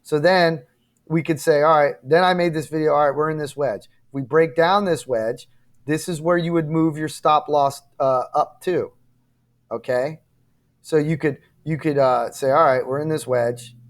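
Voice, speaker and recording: A man's voice: on the high side, fairly even intonation, moderate pace. A man hosting a trading channel, talking viewers through charts in a casual, emphatic way, often checking in with "okay?" and "right?". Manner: emphatic, repetitive, addresses viewers directly with frequent "okay?" and "right?"; apologetic and frustrated at times. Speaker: crypto trading channel host.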